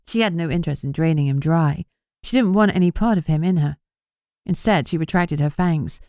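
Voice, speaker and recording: A woman reading an audiobook in measured, even scripted narration on a close mic. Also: low-pitched, no echo.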